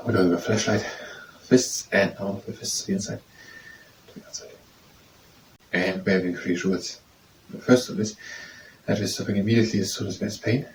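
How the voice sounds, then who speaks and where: A man, tutoring by slowly repeating French phrases and testing how they sound, then leading simple wrist exercises. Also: lowish voice, steady tone. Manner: slow, repetitive, trying out pronunciations. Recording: distant mic with faint background noise.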